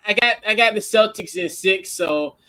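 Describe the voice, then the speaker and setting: A man co-hosting a casual sports talk show, playful and quick to laugh. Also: sits high, bright, forceful tone. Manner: laughing, playful, hypes people up. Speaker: podcast co-host.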